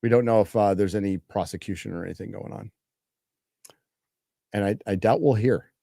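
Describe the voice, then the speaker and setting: A man's voice: fairly low pitch, fairly quick, creaky, dark tone, dry recording, studio quality. Laid-back man hosting. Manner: laid-back, chuckling asides. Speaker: show host reading out donations. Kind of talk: casual live-stream chat.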